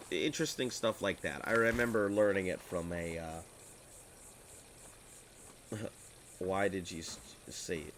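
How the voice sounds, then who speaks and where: A sick, slightly congested man rambles through casual gameplay commentary, tossing off jokey asides. His voice is very low yet bright and forceful. A faint hiss sits under the recording. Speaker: gaming streamer.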